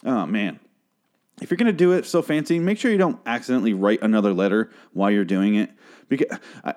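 Low-pitched young man, profane rambling TV reviewer, close mic. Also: darkish tone. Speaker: TV show reviewer. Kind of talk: casual solo review rant. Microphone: close podcast mic.

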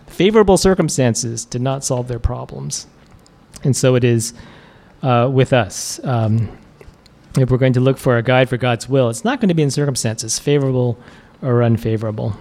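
A man's voice: medium pitch, normal speed, vocal fry, a little mellow. A man preacher giving a casual, conversational sermon, chuckling often and using many fillers.

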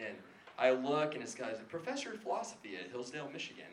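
Speaking quickly in a sing-song voice on the high side, a young man addresses a live audience in a hall at a Christian gathering. His sermon-style talk is casual, chatty and self-mocking, peppered with "like." The recording carries room echo and faint background noise.

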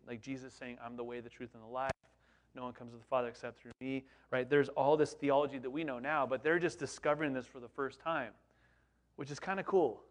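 A man preaching a sermon in a conversational, animated way, with frequent rhetorical questions to the congregation. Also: medium pitch. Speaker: pastor.

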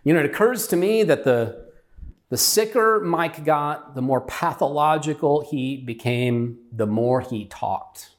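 A man's voice: fairly high pitch, animated, measured pace. A middle-aged man, a pastor, telling a personal story in an earnest, conversational sermon style.

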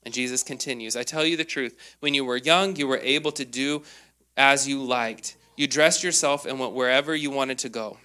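A man in his thirties preaching a sermon, telling stories with lively acted quotes and frequent fillers. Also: mid-range voice, normal speed, clean tone. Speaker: pastor.

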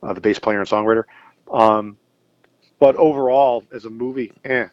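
A man's voice: mid-range voice, fairly even intonation, moderate pace, muffled recording. A middle-aged man talking casually as an interview guest about music, thoughtful and hesitant, with many fillers and restarts. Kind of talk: casual interview over a call.

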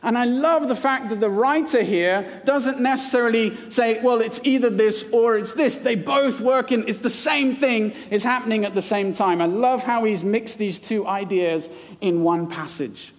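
A man's voice: high voice, normal speed. A man from India preaching a sermon, mixing scripture readings with playful, jokey asides. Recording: long hall reverb.

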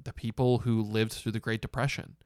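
A young man co-hosting a casual podcast chat, animated and laughing often, with plenty of fillers. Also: on the low side, a little fast, smooth, dry recording, studio quality. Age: young adult. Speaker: podcast co-host.

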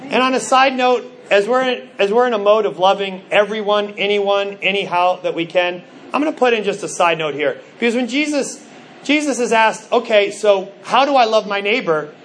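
A middle-aged male pastor preaching a sermon, telling stories with animated, acted-out quotes. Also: high-pitched, moderate pace, slight background noise. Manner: animated storytelling, acts out quoted voices.

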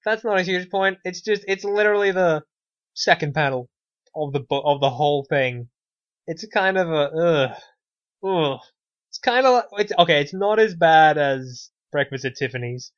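A slightly high, animated male voice moves at a moderate pace with no echo as he co-hosts a podcast. His casual talk carries a wry, sarcastic edge and often stops and restarts, on dull, dry lo-fi audio.

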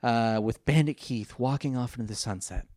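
A man's voice: mid-range voice, normal speed, dry recording, clean studio sound. A man casually recapping a cartoon episode, rambling and acting out the characters' lines. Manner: rambling, animated retelling with put-on quotes. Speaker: podcast co-host recapping a cartoon. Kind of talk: casual chat.

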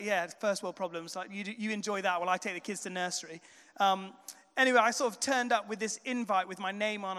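Preaching in a chatty, relaxed way, a pastor keeps slipping into "um" and "sort of" as he tells stories. His high voice sounds smooth and resonant, followed by a long reverb from a big church hall.

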